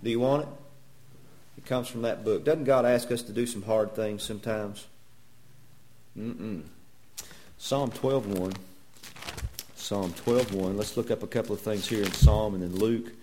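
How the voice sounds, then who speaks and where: A man's voice: fairly low pitch, unhurried, pauses often, dark tone, a little hiss or hum. A man preaching a sermon in a church, folksy and joking, firing rhetorical questions at the congregation. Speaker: pastor.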